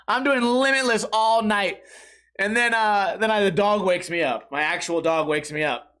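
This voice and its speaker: A man hosting a comedy podcast, telling casual stories in an animated, rambling way, acting out his own reactions and swearing freely. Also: sits high, normal speed. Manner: swears freely, says "dude" and "bro". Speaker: podcast host.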